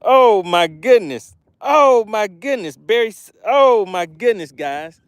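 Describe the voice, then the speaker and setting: A man with a fairly high, smooth voice hosts a fishing livestream while out on the water, taking things slowly. He reads the chat aloud and bursts into frequent excited exclamations in a chatty, promotional way. The recording is dry and close, with no room sound.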